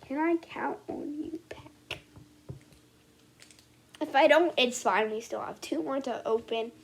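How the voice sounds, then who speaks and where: A woman casually commenting as she opens trading card packs, swinging from muttering to excited squeals. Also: sits high, takes it slowly, vocal fry, slight background noise.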